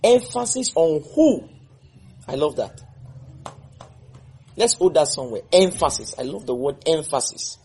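A man's voice: fairly high pitch, expressive, moderate pace, pauses often, a little mellow, slight background noise. A man leading a Bible study, repeating verses and quizzing his listeners. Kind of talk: interactive Bible teaching.

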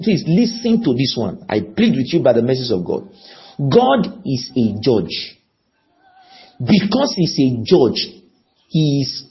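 A man preaching a sermon, pleading with his listeners and often asking them questions. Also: dull audio. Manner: pleading, rises on key words then drops low; repeats and asks the audience questions.

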